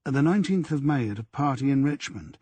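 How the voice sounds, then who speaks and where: A man's voice: medium pitch, animated, quick pace, warm tone, breathy edge, no echo. A man voicing an earnest, deferential young male detective sergeant in an audiobook. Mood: reporting.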